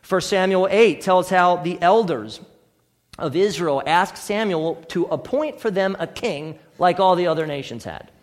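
A man's voice: sits high, a little slow, big-room sound. A man preaching a sermon as pastor, earnest and building to emphatic declarations. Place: church sanctuary.

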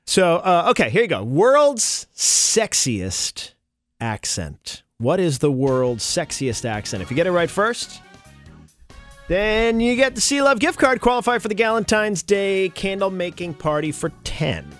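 A male morning radio host in casual on-air banter, animated and enthusiastic, talking at a studio microphone. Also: high voice, unhurried, faint music behind. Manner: animated, enthusiastic, many restarts.

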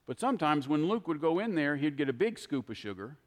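An older man preaching a sermon, telling folksy stories in an animated, heartfelt way. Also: fairly high pitch, a little fast, big-room sound. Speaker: pastor.

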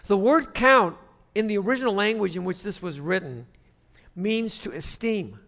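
A man preaching a sermon as pastor, conversational with restarts, rising to loud emphatic preaching. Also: sits high, lively intonation, moderate pace.

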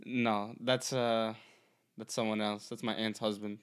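A man's voice: on the low side, flat delivery, measured pace, clear, resonant tone. A young man co-hosting a podcast in casual chat, rambling and riffing with laughs and swearing. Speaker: podcast co-host.

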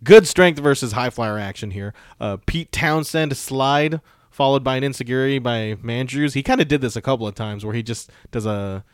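A man's voice: mid-range voice, clear, resonant tone, dry recording. Dry-voiced man recapping from notes. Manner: reads through notes, quick asides. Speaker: podcast co-host recapping wrestling. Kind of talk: casual recap chat.

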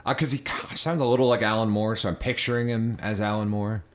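A man's voice: lowish voice, steady tone, fast talker. A man co-hosting a comedy podcast, crude and rambling, with lots of hesitant restarts. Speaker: podcast co-host. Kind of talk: casual comedy chat.

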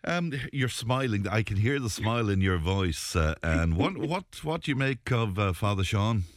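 A man hosting a radio phone-in, easygoing and gently teasing with his callers. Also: lowish voice, lively intonation, normal speed, dry recording, clean studio sound. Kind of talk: casual radio chat. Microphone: studio microphone.

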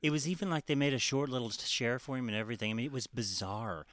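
A man's voice: medium pitch, fast, a bit bright, no room sound. A man co-hosting a casual chat, mocking and profane, laughing often. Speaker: podcast co-host.

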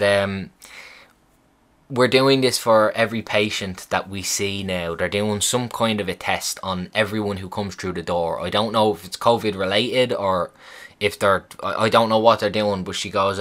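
Man telling a story, lower voice. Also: normal speed. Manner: swearing, rambling, animated retelling. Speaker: vlogger. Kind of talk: casual storytelling chat.

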